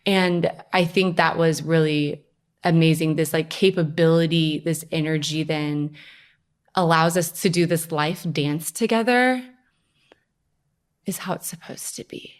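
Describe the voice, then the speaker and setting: A young woman, a podcast guest, telling her personal story in a lively, conversational way. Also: low voice, measured pace. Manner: animated storytelling, acts out her own past voice.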